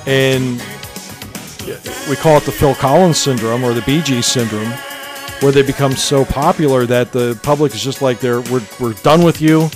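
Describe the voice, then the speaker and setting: A man's voice: mid-range voice, steady tone, normal speed. Chatty man with music playing beneath. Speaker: podcast co-host. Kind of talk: casual chat about 1980s pop hits. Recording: music playing under the talk.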